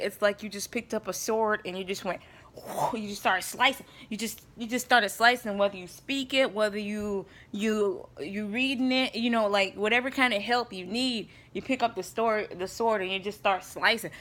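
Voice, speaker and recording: A woman's voice: medium pitch, moderate pace, fairly bright tone. A woman giving a casual faith talk to camera, chatty and emphatic, often checking in with her listeners. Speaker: vlogger.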